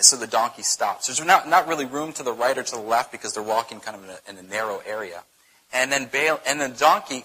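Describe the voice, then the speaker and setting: A man teaching a Bible study, telling the story in a conversational, animated way, often checking in with "right?". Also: medium pitch, husky, rough recording.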